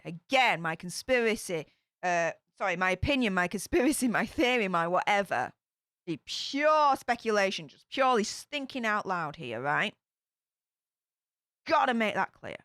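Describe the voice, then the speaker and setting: A woman's voice: medium pitch, very animated, moderate pace, a bit bright, no room sound, studio quality. A woman hosting a casual true crime commentary, chatty and speculative, with filler-heavy asides. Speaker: true crime channel host.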